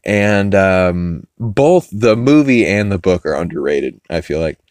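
A man's voice: sits low, expressive, a little mellow, no echo, clean studio sound. A man hosting a podcast, rambling through a casual recap of a cartoon episode and swearing freely. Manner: rambling, quotes characters in quick put-on voices, swears freely.

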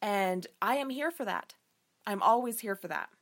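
A woman's voice: mid-range voice, animated, normal speed. A young woman giving a casual book review, emphatic and enthusiastic, swearing freely as she gushes. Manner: emphatic, enthusiastic and frequently profane.

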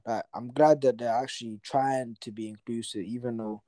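A young man, co-hosting a casual podcast chat and telling animated stories full of slang. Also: mid-range voice, normal speed, dry recording. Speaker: podcast co-host.

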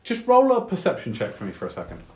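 A man's voice: fairly high pitch, wildly swooping pitch, fast talker, darkish tone, echoey room. A man narrating as game master for a tabletop game, talking with frequent fillers and restarts. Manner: hesitant, many fillers and restarts.

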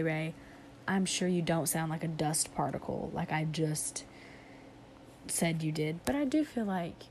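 Slow, rambling young woman podcaster. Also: sits low, creaky, a little mellow, slight background noise. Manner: rambling, self-deprecating, giggly asides. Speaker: podcast host. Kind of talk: rambling comedic monologue.

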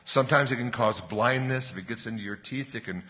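Bright-voiced preacher in a reverberant hall. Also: male voice, mid-range voice, a little hiss or hum. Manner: earnest, explanatory, with emphatic rises and slowed stresses. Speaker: pastor. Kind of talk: sermon.

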